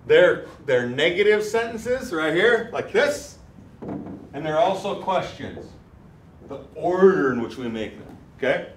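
A man teaching a language class, saying words slowly and clearly so the students can repeat them. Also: a little high, expressive. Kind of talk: classroom lesson. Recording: echoey room, mic far off, faint noise.

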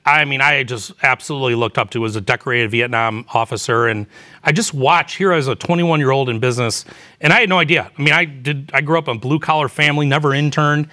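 A man around fifty speaks at medium pitch in a pushed, bright voice. As an executive guest, a chief marketing officer, he tells candid stories in a casual interview, full of fillers.

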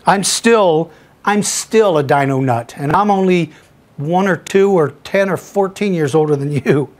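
Middle-aged male podcast host; enthusiastic, chatty, quick to laugh. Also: on the high side. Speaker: podcast host answering listener questions. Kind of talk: casual Q&A chat, reading emails aloud.

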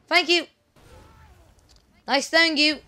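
Woman let's player; high, bright, sharp tone; chatty, excitable, apologetic. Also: takes it slowly. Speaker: let's play gamer. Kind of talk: casual gameplay commentary.

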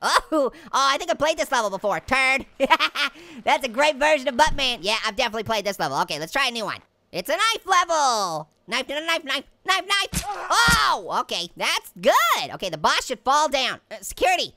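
In studio-quality audio with no room sound, the orange's voice is high, bright and forceful with big pitch swings, delivered at normal speed and exaggerated. The performer plays him as a hyper, cheeky male who giggles, puns and chatters through a playful cartoon game commentary.

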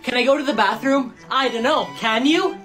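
A woman's voice: sits high, normal speed, a bit bright. A text-to-speech woman's voice narrating short joke skits and reading every character in the same voice, with music behind. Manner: synthetic, reads every character in one voice.

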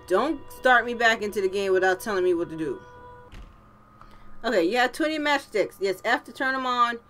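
A tipsy woman YouTuber rants through her gameplay commentary, swearing freely and bursting into loud outbursts. Her voice is sharp and bright and sits a bit high. Faint game music plays under her talk. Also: expressive, normal speed. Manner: profane, frustrated, loud outbursts. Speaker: gaming YouTuber. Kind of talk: let's play commentary.

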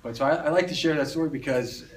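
Male presenter, lively storyteller, recorded at a distance on a phone in a restaurant room. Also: fairly high pitch, fast talker, background noise. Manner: animated storyteller, rhetorical questions. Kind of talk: conference talk telling a story. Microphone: phone on tripod across the room.

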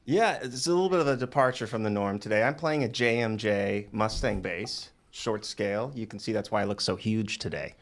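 Low-voiced joking male bassist. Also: fairly quick, few pauses. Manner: goofy, self-deprecating humor. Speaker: bassist and co-host. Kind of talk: casual chat.

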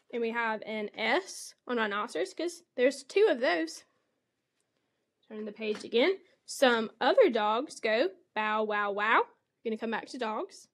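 A woman teacher with a fairly high voice talks through a model reading lesson for young children. She explains each step clearly. She reads the animal sounds with lively expression.

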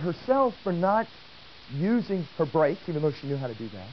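A man giving a lecture and telling a story, talking in an animated way and asking the audience questions. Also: a little high, normal speed. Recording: dull old tape with faint hiss.

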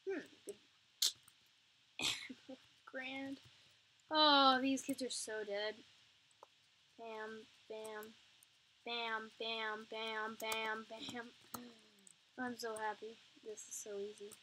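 A woman's voice: a little high, level tone, very slow, pauses often, pushed and bright, slight background noise. A young woman commenting on a zombie video game as she plays, taunting the enemies in a playful way. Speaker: gamer. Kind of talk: gameplay commentary.

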